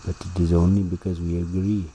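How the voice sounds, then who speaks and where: A man giving a slow, deliberate philosophical monologue, repeating words for emphasis. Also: low voice, level tone, mellow, slight background noise, rough recording.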